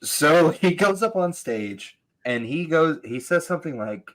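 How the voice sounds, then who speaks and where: A man comedian chatting casually on a podcast, telling a story with quick asides and laughs. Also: fairly high pitch, expressive, fairly bright tone, rough recording.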